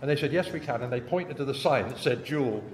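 A man's voice: mid-range voice, fairly quick, heavy background noise. Joking male actor telling anecdotes. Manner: jokey, anecdotal storytelling. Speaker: panel guest actor. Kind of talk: convention panel interview. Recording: echoey hall.

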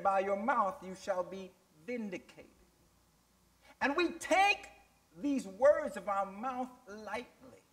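A man's voice: extremely high pitch, fairly bright tone. A man pastor preaching a sermon to his church, using call-and-response questions and emphatic rising delivery.

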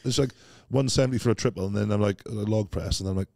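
A man talking as a podcast guest, telling rambling, animated stories and dropping "mate" into almost every sentence. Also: on the low side, fast talker, vocal fry, no room sound, studio quality. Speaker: podcast guest, strongman athlete. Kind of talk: casual interview chat.

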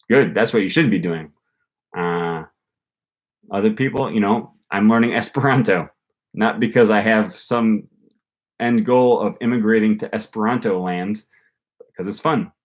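A young man hosting a casual livestream, answering comments and thinking aloud with many fillers. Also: on the low side. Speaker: language-learning channel host.

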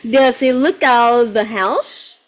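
A woman's voice: on the high side, slow. A woman teaching English to a child. She asks patient, repetitive yes-no questions and mixes in phrases. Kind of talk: one-on-one English lesson with a child.

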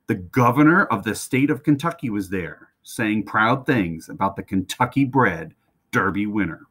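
A man reading a children's book aloud with expressive delivery. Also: lowish voice, unhurried. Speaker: reader.

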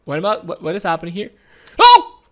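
A woman giving excitable, giggly live commentary while playing a game. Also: fairly low pitch, a little fast. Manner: excitable and giggly, frequent laughs and exclamations. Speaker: gaming video host.

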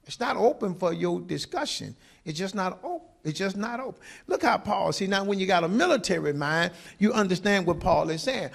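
High, gravelly, animated preacher. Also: male voice, moderate pace. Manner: impassioned preaching with call-and-response. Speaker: pastor. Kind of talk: sermon.

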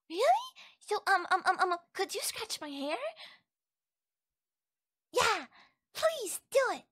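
A woman's voice: high voice, very animated, slow, creaky, long pauses, a bit bright, dry recording, studio quality, exaggerated voice. A voice actress playing a curious, naive young wolf-girl in an ASMR audio role-play, full of innocent questions. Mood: soft, wondering.

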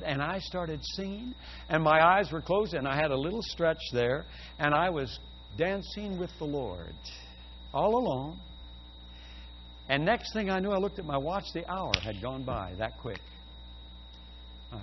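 An older man preaching a sermon, telling a personal story and building to loud, fervent exclamations. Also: fairly high pitch, lively intonation, measured pace, pauses often. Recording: dull lo-fi audio with faint hum.

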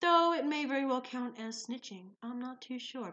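A woman's voice: sits high, animated, moderate pace, sharp tone, highs cut off. A woman vlogger telling funny everyday stories in a theatrical, wry, playful way. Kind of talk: comic storytelling vlog.

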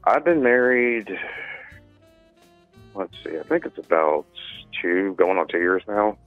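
A man's voice: low voice, sing-song, measured pace, dry recording, faint music behind. A man calling in to a show, telling a story in a hesitant, rambling way full of fillers. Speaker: caller. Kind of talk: phone-in storytelling. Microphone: phone. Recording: tinny phone line.

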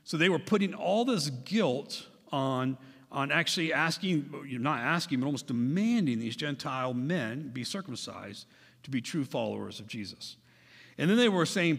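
A man's voice: mid-range voice, expressive, moderate pace, gravelly, a bit bright, slightly rough. A man preaching a sermon as pastor, emphatic and conversational, repeating phrases for stress. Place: church hall. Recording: long church hall reverb.

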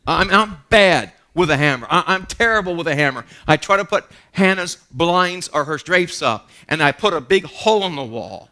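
A man delivering a church sermon, his voice sitting a little high and ringing bright and forceful. He preaches with animated energy and drops in funny stories about himself. His sentences often restart with a stammer. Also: moderate pace, hardly any pauses. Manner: animated preaching with humorous asides and self-deprecating stories. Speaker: pastor. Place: church sanctuary.

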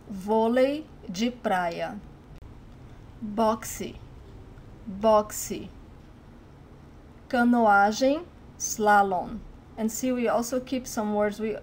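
A Brazilian woman teaching a language lesson, speaking clearly and modeling words with careful pronunciation. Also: fairly high pitch, a little mellow, slight background noise. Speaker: Portuguese teacher.

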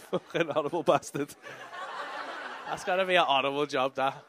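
Brash Liverpool comedian, bright high voice. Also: male voice, lively intonation, a little slow, a little hiss or hum. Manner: brash, teasing, sweary banter with the audience. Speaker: stand-up comedian. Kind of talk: stand-up crowd work. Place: comedy club stage.

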